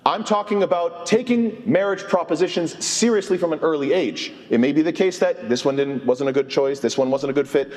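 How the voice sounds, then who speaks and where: Male preacher, earnest sermon voice, slightly high, long hall reverb. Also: a little fast, few pauses, a little mellow. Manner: earnest, mixes Arabic phrases. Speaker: imam. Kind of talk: mosque sermon.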